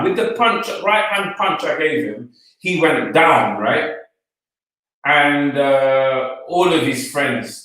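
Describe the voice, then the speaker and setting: A man telling an animated story as an interview guest, acting out the other people's lines in quotes. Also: on the high side, far from the mic. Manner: retells the scene, voicing each person in quoted lines. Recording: echoey room, speaker off-mic.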